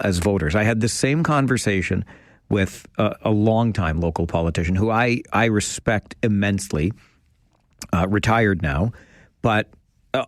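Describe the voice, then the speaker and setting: A man's voice: fairly low pitch, dry recording, studio quality. A man hosting a call-in radio talk show, ranting with rising passion and frustration. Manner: passionate, increasingly heated rant. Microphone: studio microphone.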